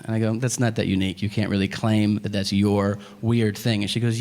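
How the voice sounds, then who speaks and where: Onstage before a live audience, a male stand-up comedian with a lowish voice talks a little fast, telling profane stories. He acts out each exchange, voicing both sides of the back-and-forth.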